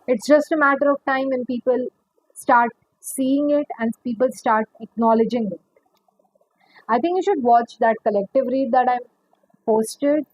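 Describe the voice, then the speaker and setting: A woman's voice: sits high, unhurried, a little mellow, no echo, low-quality recording. A woman giving a pick-a-card tarot reading, chatty and rambling, calling the viewer honey. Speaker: tarot reader.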